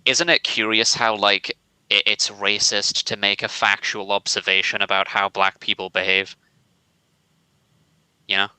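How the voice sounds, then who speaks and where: Low flat bright-voiced male co-host. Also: smooth, no room sound, low-quality recording. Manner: measured, hesitant, thinking aloud with fillers. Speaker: co-host on a chat stream. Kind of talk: casual chat stream.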